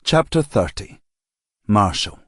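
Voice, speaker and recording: A man narrating an audiobook crime novel in a measured, even storytelling manner. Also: on the low side, no room sound, studio quality. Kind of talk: scripted narration.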